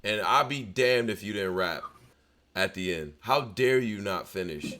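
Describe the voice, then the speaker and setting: A man co-hosting a casual recap show, talking in an animated, profane, trash-talking way. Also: on the low side, unhurried, a crowd in the background. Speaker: podcast co-host.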